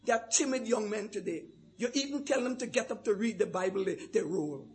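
An older man preaching a sermon, swinging from hushed asides to shouted declarations. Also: high voice, a little fast, breathy edge.

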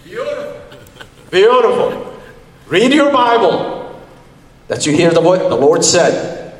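A man's voice: high voice, very animated, slow. A man leading an interactive Bible teaching, quizzing his listeners and repeating key phrases. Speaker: Bible study leader. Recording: echoey hall.

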